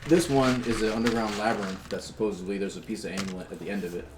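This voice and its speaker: A man's voice: on the low side, fairly even intonation, fast. A man playing in a tabletop game, teasing and joking with his friends. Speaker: player. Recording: roomy, distant mic with clear noise.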